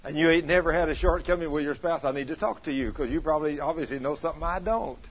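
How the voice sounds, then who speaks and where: A man's voice: a little high, quick pace. An older man preaching a sermon, telling homey stories and asking the congregation questions, then leading a prayer. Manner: folksy storytelling, asks the congregation questions. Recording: slightly dull, faint room noise.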